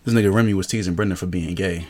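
A man's voice: sits low, racing, very noisy. A young man from DC, co-hosting a podcast and telling stories in a casual chat, acting out what people said between laughs. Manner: animated storytelling, acts out quotes with laughter. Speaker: podcast co-host.

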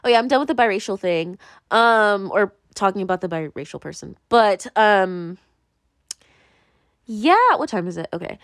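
A woman's voice: medium pitch, expressive, normal speed, fairly bright tone, no echo, studio quality. A young woman talking casually to camera in a rambling monologue, full of fillers, restarts and sudden swings.

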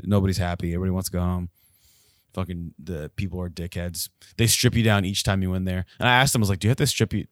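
A low-pitched man tells stories in loose, casual podcast chat. He swears freely and gets animated as he talks. The sound is dry and close, with no room around it. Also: fast talker, no room sound. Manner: profane, animated storytelling.

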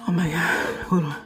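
A woman's voice: fairly low pitch, pushed and bright. A woman giving a playful, casual motivational talk to her viewers, laughing and acting out little voices. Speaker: vlogger.

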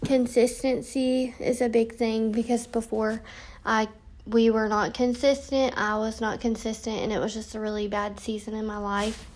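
Late at night, a tired young podcast host yawns her way through a casual intro monologue, chatty and full of ums as she reads from notes. Her voice is a little high and a little mellow, with little pitch movement and a moderate pace.

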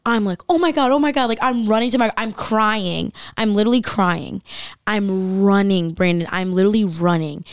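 A woman's voice: medium pitch, clean tone, no echo, studio quality. A young woman in casual chat, animatedly telling a story, acting out voices and saying "like" constantly.

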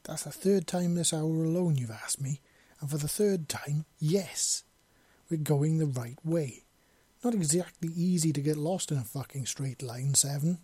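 A man's voice: on the high side, measured pace, warm tone, husky, dry recording. A man voicing a blunt, sardonic female robot who swears freely, in a fan fiction audiobook reading. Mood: impatient. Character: sharp-tongued female robot, freed prisoner.

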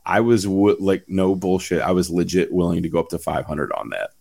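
Low-voiced man rambling through a story. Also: fairly quick, vocal fry, a little mellow. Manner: rambling storyteller, lots of fillers and swearing. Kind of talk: casual chat.

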